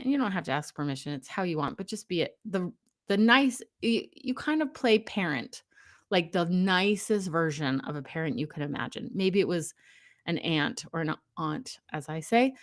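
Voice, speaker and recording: A young adult woman giving a casual spiritual talk, gently coaching listeners and acting out their inner dialogue in quoted lines. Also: medium pitch. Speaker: host.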